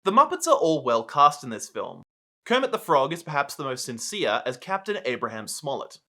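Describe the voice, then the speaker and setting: A man hosting a video, reading a scripted film essay in a clear, measured way. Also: mid-range voice, big pitch swings, pushed and bright. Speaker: video host.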